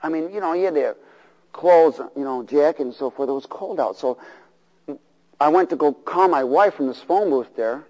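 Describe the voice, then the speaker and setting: A middle-aged man preaches to his congregation in a voice pitched a little high, calling for responses and acting out the people in his story. His words ring with the long reverb of a large hall. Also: normal speed. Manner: animated, call-and-response, acts out voices. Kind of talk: sermon. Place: church hall.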